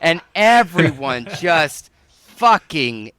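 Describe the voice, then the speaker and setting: A man chatting casually on a podcast, animated and often laughing. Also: on the high side, slow. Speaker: podcast co-host.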